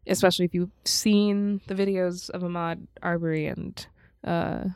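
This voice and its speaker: A young adult woman co-hosting a podcast, chatting casually about films with relaxed fillers and laughs. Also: on the low side, moderate pace, clear, resonant tone, dry recording, studio quality. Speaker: podcast co-host. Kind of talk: casual movie recommendation chat.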